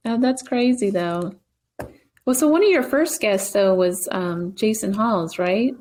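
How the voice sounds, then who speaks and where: A woman hosting a podcast interview, friendly and quick to laugh, giving short reactions and asking questions. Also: medium pitch, expressive, a little mellow. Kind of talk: casual interview.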